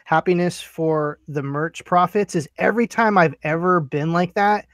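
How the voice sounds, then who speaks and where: A man's voice: on the high side, normal speed, dry recording. A man co-hosting a casual chat, making wry, dry jokes. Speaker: podcast co-host.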